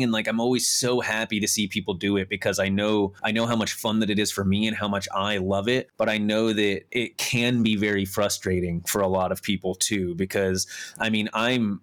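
A man's voice: fairly low pitch, level tone, fairly quick, fairly bright tone. A man who streams, talking as a podcast guest in an easygoing, agreeable way, with some casual swearing. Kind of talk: casual chat.

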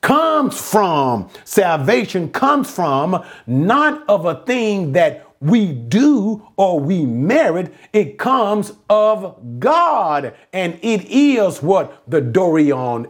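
A man preaching an expository sermon, emphatic, asking and answering his own questions. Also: on the high side.

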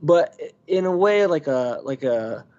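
A man, a podcast guest, rambling through casual sports talk with halting restarts. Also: fairly high pitch, expressive, darkish tone. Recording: dull lo-fi audio.

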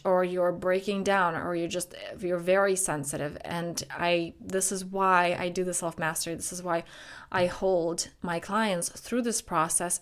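A woman self-growth coach talking earnestly in a flowing podcast monologue, with repetitive phrasing and a gently guided breathing exercise. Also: fairly low pitch.

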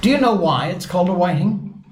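Impatient, bossy griffin voiced by a man, high and jumpy, roomy sound. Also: expressive, a little fast. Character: impatient, solemn male griffin. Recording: roomy with faint hiss.

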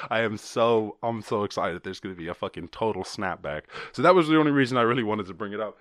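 A man's voice: lowish voice, fairly quick, fairly bright tone, no room sound, clean studio sound. A man hosting a solo podcast, rambling and swearing casually with many restarts. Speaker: podcast host.

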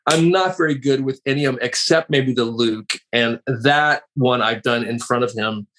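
A man chatting as a podcast guest, telling stories in a warm, easygoing way. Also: mid-range voice, moderate pace, background noise. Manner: chatty, warm storyteller who slips into impressions. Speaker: guest, radio personality and author. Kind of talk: casual interview talk.

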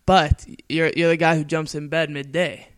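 A man's voice: on the high side, flat delivery, normal speed, no echo, studio quality. A young man in a casual chat, laid-back, laughing often and answering briefly.

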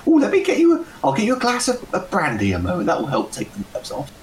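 A man's voice: sits high, wildly swooping pitch, quick pace, slight background noise, voice pushed up. A man putting on a sugary older barmaid voice. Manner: syrupy, overly polite.

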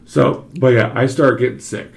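A man's voice: mid-range voice, steady tone, normal speed, creaky. A man telling a long story in casual chat, loose and profane. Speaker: podcast co-host telling a story.

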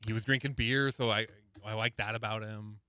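A low-pitched male voice, close and dry in a studio. He is a podcast guest who speaks haltingly, stammering through restarts. His humor is dry and offhand. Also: fairly even intonation, pushed and bright, clean tone, no room sound. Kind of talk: casual podcast chat.

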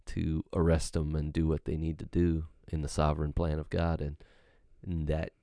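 A man with a very low voice talks through scripture in an earnest, emphatic way. He builds his points by repeating phrases. His voice is close and dry, with no room sound. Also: monotone, moderate pace, gravelly, warm tone, dry recording. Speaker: podcast co-host. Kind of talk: casual Bible discussion.

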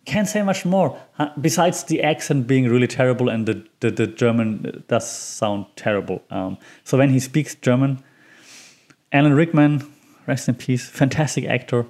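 A man's voice: medium pitch, moderate pace, darkish tone. A man hosting his own podcast, talking in a loose, chatty way full of ums and small laughs at himself. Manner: rambling and chatty with frequent ums. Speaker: podcast host. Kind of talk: casual solo podcast commentary.

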